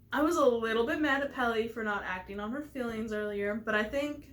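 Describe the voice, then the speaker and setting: Young woman doing let's play commentary, high voice, giggly and chatty, soft music behind. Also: a little fast, few pauses, echoey room. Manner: chatty, giggly and playfully dramatic. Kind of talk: casual game commentary.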